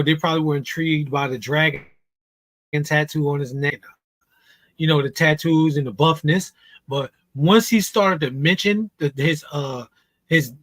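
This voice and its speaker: A man hosts a live reaction stream, voice sitting a little high and close to the mic. He picks apart what he sees in a casual, questioning way, hammering the same point several times. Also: fairly bright tone, dry recording. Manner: chatty, questioning, repeats himself for emphasis. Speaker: reaction channel host. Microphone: streaming desk mic.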